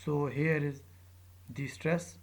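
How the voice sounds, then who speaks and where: Slow gravelly male teacher. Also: a little high, steady tone. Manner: slow and deliberate, spelling out letters one by one; frequent filler pauses. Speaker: English teacher. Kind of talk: recorded lecture.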